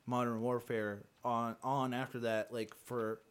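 A man's voice: medium pitch, little pitch movement, unhurried, clear, resonant tone. A young man in casual podcast chat, laid-back and agreeable, swearing casually.

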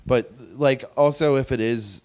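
A man in casual podcast banter, his voice at an ordinary middle pitch. He talks loosely and swears freely, getting animated as he recounts a bizarre tale. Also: unhurried. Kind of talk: casual chat.

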